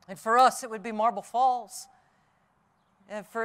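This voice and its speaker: A middle-aged man preaching an Easter sermon outdoors, telling the story vividly and dropping from loud cries to hushed tones. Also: very high voice, steady tone, unhurried, pauses often, smooth. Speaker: pastor. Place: outdoors on a hilltop.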